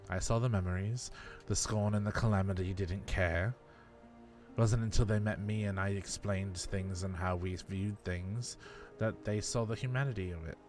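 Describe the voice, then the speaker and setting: A man's voice: on the low side, steady tone, normal speed, a little mellow, faint music behind. A man acting as game master in a live-streamed tabletop game, asking earnest, probing questions in character.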